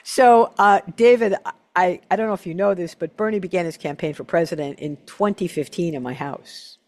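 An older man hosting an interview, telling an animated story in casual chat and often repeating his first words. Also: high-pitched, brisk. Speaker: host.

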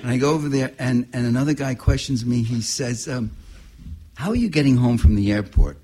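An older man, a writer and activist, giving a talk full of anecdotes in a husky voice, animated and laughing at his own stories. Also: mid-range voice, brisk.

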